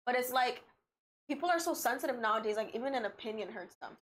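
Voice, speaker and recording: Blunt high-voiced woman chatting. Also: expressive, fast, fairly bright tone, a little hiss or hum. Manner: blunt, opinionated, reads posts aloud. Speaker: podcast co-host. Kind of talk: casual chat.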